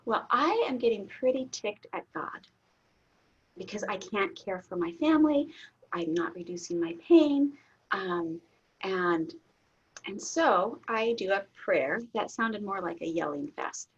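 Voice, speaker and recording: A middle-aged woman, a guest in an interview, telling a personal story candidly, laughing often and getting suddenly loud. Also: mid-range voice, animated, unhurried, husky. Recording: dull lo-fi audio.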